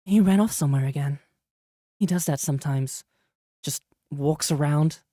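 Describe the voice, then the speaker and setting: A man's voice: fairly high pitch, moderate pace, mellow, dry recording, studio quality, natural voice. A man putting on a shy, earnest young woman's voice with a put-on British accent while reading game dialogue aloud. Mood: earnest, polite. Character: shy polite young woman, a kind junior.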